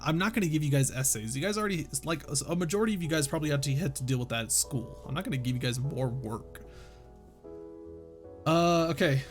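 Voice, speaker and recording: A man's voice: fairly high pitch, quick pace, soft background music. A man streaming casually, reading a novel aloud to chat while joking, swearing and laughing between lines. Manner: joking, swears freely, lots of laughing asides.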